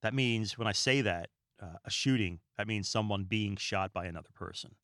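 Male podcast host, low voice, dry close sound, relaxed rambling monologue, stumbles over words. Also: moderate pace, no echo. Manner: calm and relaxed. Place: small room lined with books.

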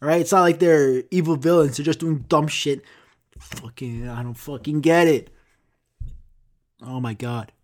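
A young man hosting his own podcast, reading articles aloud and riffing on them. His voice sits a little high for a man. He curses constantly, flares into loud, exasperated outbursts, then drops into low, trailing mutters. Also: a little slow, pauses often. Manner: profane, ranting, swings between loud outbursts and mumbling. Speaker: podcast host. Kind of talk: casual solo podcast rant.

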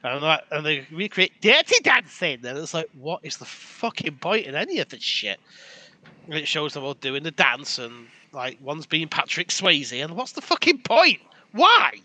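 A British man co-hosting a podcast, ranting and swearing in casual banter, quick to laugh. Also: a little high, lively intonation, bright, forceful tone. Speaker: podcast co-host.

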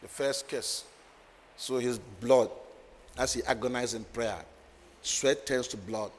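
A man preaching a sermon, moving from quiet asides to loud, laughing declarations. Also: medium pitch, takes it slowly. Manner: emphatic, swings from soft asides to loud declarations, laughs often. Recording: long hall reverb, faint ambient noise.

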